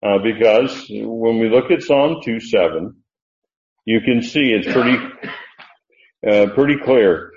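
An older man teaching a Bible study as a preacher, unhurried and halting, with many fillers. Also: on the low side, darkish tone. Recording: roomy, dull lo-fi sound.

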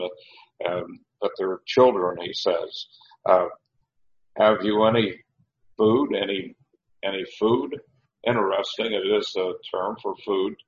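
Low-voiced man teaching scripture, lo-fi. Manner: unhurried, conversational, explains as he reads. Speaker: Bible teacher. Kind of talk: verse-by-verse Bible teaching.

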